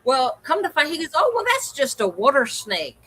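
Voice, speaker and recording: A woman with a high, sharp, very animated voice co-hosts a livestream, telling a story casually at a moderate pace. She acts out the people she quotes, and the recording is rough.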